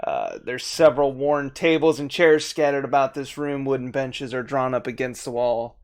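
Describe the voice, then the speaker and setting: A man's voice: mid-range voice, steady tone, moderate pace, no echo, studio quality. A man running a tabletop game as game master, narrating easily and laughing often.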